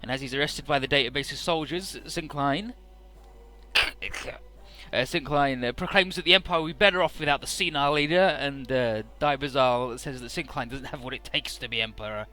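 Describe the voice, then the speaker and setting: A man's voice: mid-range voice, moderate pace, sharp tone, soft background music. Chatty man recapping a game story. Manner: chatty, fills with "uh" and "he's like". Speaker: let's play narrator.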